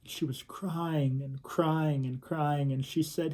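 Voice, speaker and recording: A young man delivers a youth sermon in an unhurried, earnest storytelling manner. His voice sits a little high for a man, with a warm, mellow tone. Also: steady tone. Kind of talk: recorded youth reflection sermon.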